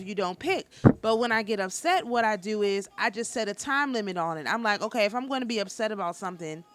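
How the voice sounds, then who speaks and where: A woman giving a casual spiritual talk as a teacher, speaking in a calm, nonchalant, matter-of-fact way with a passionate undertone and frequent restarts. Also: medium pitch. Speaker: spiritual teacher and tarot reader.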